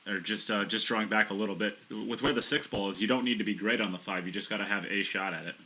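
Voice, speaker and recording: A man from Wisconsin co-hosting pool commentary, joking with frequent halting restarts. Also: on the low side, steady tone, bright, forceful tone, slight background noise. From Wisconsin, USA. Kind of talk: live sports commentary.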